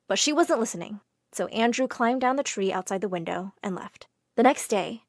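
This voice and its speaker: A woman narrating a first-person storytime in an expressive, dramatic way. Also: fairly high pitch, normal speed, dry recording, clean studio sound.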